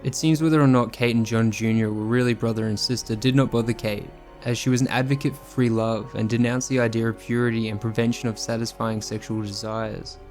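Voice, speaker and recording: A man reading a scripted true crime narration in a measured, sombre manner. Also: medium pitch, fairly even intonation, a little mellow, soft background music.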